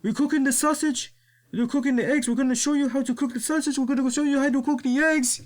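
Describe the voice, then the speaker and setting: This is an excitable male wrestler running a cooking bit, as a man mimics him. The voice jumps far above normal speech and comes out loud and shrill. He repeats himself like a broken record. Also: quick pace. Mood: excited. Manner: high, loud, repetitive shouting.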